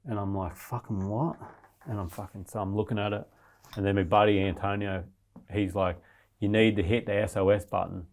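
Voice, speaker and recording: Brisk and level in tone, a man with a fairly low voice tells a podcast about surviving an ordeal. The retelling is casual and restless, and the profanity never lets up.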